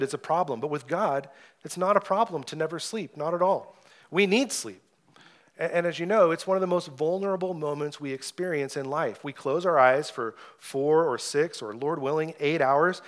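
Earnest preaching man, higher voice. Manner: earnest preaching, swells loud when reading scripture. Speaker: pastor. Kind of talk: sermon.

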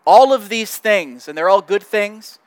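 A male pastor delivers an earnest, conversational sermon, often restarting and repeating words. His voice is high for a man, clear and resonant, animated yet unhurried. The recording is dry, with no room echo.

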